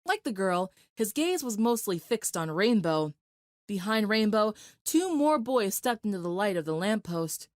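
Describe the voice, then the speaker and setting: A woman narrating a dramatic fan fiction story in a steady, vivid storytelling voice. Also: medium pitch, unhurried, no room sound, clean studio sound.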